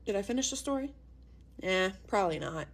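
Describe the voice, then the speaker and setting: A woman's voice: mid-range voice, animated, fairly quick. A young woman narrating a casual storytime in a dramatic, rambling, chatty way.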